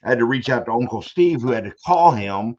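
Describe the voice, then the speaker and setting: A man's voice: medium pitch, animated, fairly quick, a little mellow. A man hosting a podcast, telling rambling stories in a joking, casual way. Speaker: podcast host. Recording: dull lo-fi audio.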